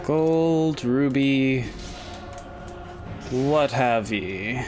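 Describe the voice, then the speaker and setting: A man's voice: medium pitch, slow pace, over music. A man giving casual, rambling commentary while streaming a game, thinking aloud and humming to himself.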